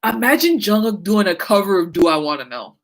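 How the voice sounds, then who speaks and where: A woman's voice: mid-range voice, lively intonation, fairly quick, poor audio. A woman talking casually and animatedly about music, laughing often and swearing freely. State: sleepy, yawning. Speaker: podcast host. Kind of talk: casual chat.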